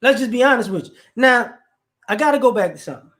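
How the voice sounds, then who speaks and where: A man from the United States who hosts a casual opinion talk with his live chat, animated and joking, with rambling asides. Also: very high voice, fast. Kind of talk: casual commentary.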